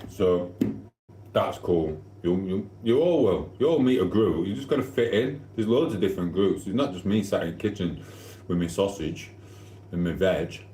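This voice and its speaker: A man's voice: deep voice, lively intonation, normal speed, mellow, reverberant, slight background noise. A man hosting a casual live stream from his kitchen, rambling and cheekily flirting with his chat while eating. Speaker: livestream host. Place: home kitchen.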